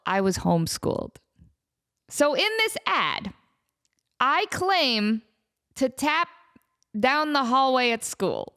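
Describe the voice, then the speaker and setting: A woman in her thirties hosting a podcast in casual chat, animated and joking at her own expense. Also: sits high, takes it slowly, pauses often. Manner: animated, self-mocking, joking. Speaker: podcast host.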